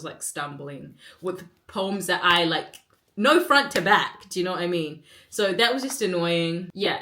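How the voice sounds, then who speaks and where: A woman's voice: low-pitched, a bit bright. Twenties woman vlogging at home, rambly and self-mocking, kinda echoey room. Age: 20s. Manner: rambling, candid, self-mocking, many fillers. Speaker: vlogger and actor. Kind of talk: casual chat to camera. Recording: roomy echo.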